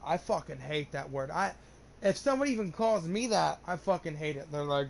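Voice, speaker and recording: A man's voice: a little high, lively intonation, fairly quick, gravelly. A young man telling a long personal story in casual chat, rambling and swearing often, with lots of restarts. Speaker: gamer streamer.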